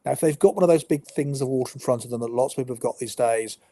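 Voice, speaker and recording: A man's voice: medium pitch, rapid-fire, warm tone. A man giving a live-streamed workplace training talk in a chatty, down-to-earth way with dry humour.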